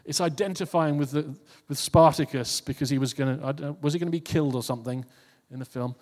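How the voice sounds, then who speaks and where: Fast and a little mellow, this male preacher's fairly high voice carries an informal sermon to the congregation. He talks conversationally, repeating and restarting phrases, and the recording has a long hall reverb.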